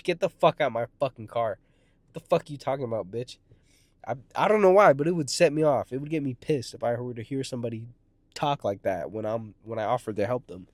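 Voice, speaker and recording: A man with a medium-pitched voice tells a personal story in a loose, profane monologue, jumping from tangent to tangent. He acts out the voices of people he quotes and shouts during heated moments, with no echo on the recording.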